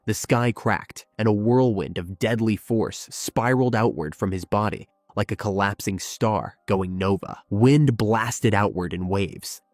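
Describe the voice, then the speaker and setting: A man narrating a dramatic fan-made story, slow and emphatic with weighty pauses. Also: fairly low pitch, a little mellow, dry recording, studio quality. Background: faint background music.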